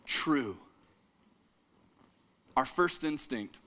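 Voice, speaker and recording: Animated preacher man. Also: high-pitched, normal speed. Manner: animated, calls the congregation to repeat lines; jokes and laughs with the audience. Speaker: pastor. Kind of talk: sermon.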